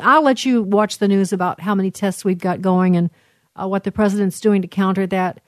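A woman hosting a talk show, rambling through commentary on news clips with frequent pauses and restarts. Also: mid-range voice, dry recording, studio quality. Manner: rambling, many fillers and restarts.

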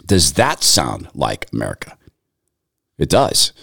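A man's voice: a bass voice, huge pitch swings, slow, creaky, a bit bright, slightly rough, no room sound, studio quality. A man giving sermon-like commentary in an earnest tone, reciting scripture in long lists. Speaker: Christian commentator.

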